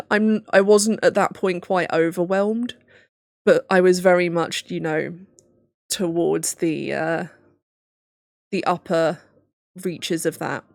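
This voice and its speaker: Taking it slowly with frequent pauses, a young woman on a livestream thinks aloud on the verge of tears, laughing nervously. The livestreamer and PhD student has a lowish, gravelly, darkish voice, captured as clean studio sound with no room sound.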